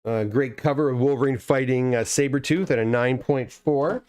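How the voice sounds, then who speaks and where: A man's voice: mid-range voice, normal speed, darkish tone. A middle-aged man from Canada hosting a casual live stream, chatting in a rambling way and reading comments aloud. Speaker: livestream host unboxing graded comics.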